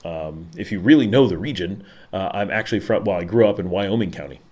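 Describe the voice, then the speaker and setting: Deep, expressive and a little mellow, the voice of this middle-aged Buffalo-accented man moves briskly through casual live-stream chat. The Western New York host reads viewer comments, rambling with lots of fillers and restarts.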